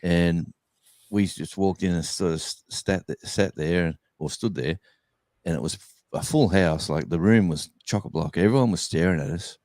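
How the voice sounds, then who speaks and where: A low-voiced Australian man rambles through an anecdote in relaxed chat. His sound is dry and close, with no room around it. He stops, restarts and fills gaps with ums as he goes. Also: moderate pace, no echo. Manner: rambling, many fillers and restarts. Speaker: guest musician. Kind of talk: casual storytelling chat.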